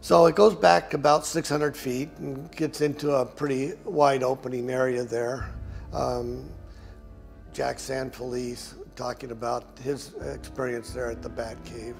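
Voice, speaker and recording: A man hosting a hike outdoors on a mountain trail, talking casually with many pauses as he shows the way. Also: medium pitch, flat delivery, vocal fry, faint music behind. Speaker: hiking guide host. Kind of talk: casual walking tour narration.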